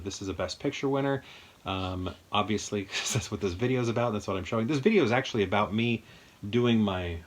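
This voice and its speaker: A man with a somewhat low voice talks casually in his home movie room. He rambles and thinks aloud, upbeat and enthusiastic as he walks through his collection. His delivery is loose and conversational. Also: a bit bright, slight background noise. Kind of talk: casual chat.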